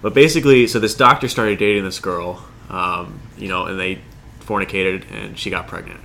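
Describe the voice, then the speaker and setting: A man with a fairly low voice and a bright, forward tone tells a story in relaxed podcast conversation, earnest with a wry streak. Light background hiss. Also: moderate pace, gravelly. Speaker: podcast co-host. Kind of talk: casual chat.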